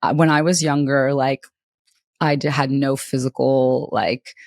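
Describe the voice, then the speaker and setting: A young woman co-hosting a podcast, telling stories in a casual, giggly, animated way. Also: very deep voice, a little slow, creaky, dry recording, clean studio sound. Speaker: podcast co-host. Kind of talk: casual chat.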